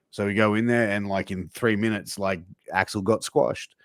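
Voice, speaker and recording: A man's voice: fairly low pitch, normal speed, few pauses, no room sound, clean studio sound. A man hosting a casual podcast, chatting loosely with fillers and reading sponsor spots. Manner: relaxed, filler-heavy, says guys and dude. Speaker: podcast host.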